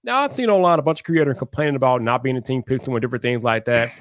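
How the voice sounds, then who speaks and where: A man's voice: mid-range voice, very fast, no room sound, studio quality. A man co-hosting a livestream, talking in a laid-back, slangy way to the audience. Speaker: livestream co-host. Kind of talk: casual livestream chat.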